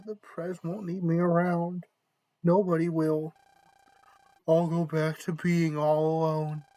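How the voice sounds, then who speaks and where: A woman voicing a big, lonely schoolboy bully who talks in a low, self-pitying way. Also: mellow, low-quality recording. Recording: faint game music behind.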